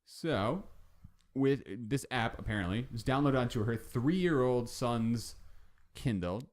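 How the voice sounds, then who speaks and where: Male co-host, dry humor, reads news aloud with lively, swinging pitch. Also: a little slow. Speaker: podcast co-host. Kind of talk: casual chat.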